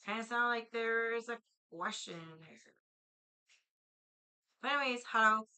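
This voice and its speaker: A woman's voice: a little high, unhurried, pushed and bright, clear, resonant tone, rough recording. A young adult woman chatting casually on a livestream, blunt and impatient, swearing freely as she talks to her viewers.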